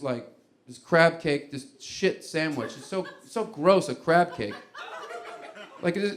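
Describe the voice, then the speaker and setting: A man doing a stand-up comedy set, telling a rambling, conversational story in an animated way. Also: a little high.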